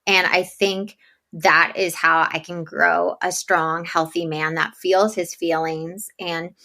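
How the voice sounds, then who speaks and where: Interview guest: a woman with a bright voice, animated storyteller, casual chat. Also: lowish voice, takes it slowly. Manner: animated storytelling, laughs often. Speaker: podcast host as guest.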